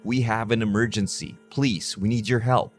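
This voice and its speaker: A man's voice: mid-range voice, big pitch swings, moderate pace, soft background music, voice pushed up, natural voice. A man voicing a terrified young woman pleading for help on an emergency call, her voice shaky and desperate.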